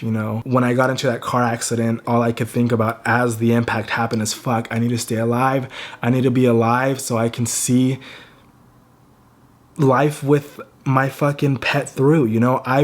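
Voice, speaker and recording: Grieving young man with a stutter. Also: medium pitch. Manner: grieving, halting, with a stutter and repeated words. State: fighting back tears. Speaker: vlogger. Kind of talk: emotional personal vlog.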